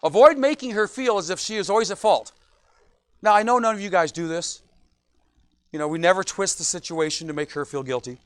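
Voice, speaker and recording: A man's voice: high-pitched, expressive, a little fast, clean tone, no echo. A middle-aged man, a pastor, preaching a sermon in a church, joking often and asking "right?" again and again.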